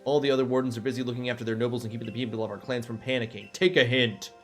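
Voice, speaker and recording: A man's voice: mid-range voice, fairly even intonation, very fast, a bit bright, soft background music, pitched below the performer's own voice, lightly acted. A man voicing a young male video game clan leader who scolds firmly and curtly.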